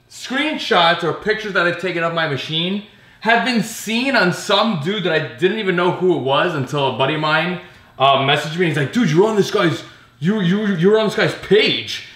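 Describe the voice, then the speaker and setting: A man's voice: a little high, bright, forceful tone. A man hosting a casual pinball vlog, ranting sarcastically with plenty of swearing and laughter. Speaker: pinball vlogger. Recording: roomy echo.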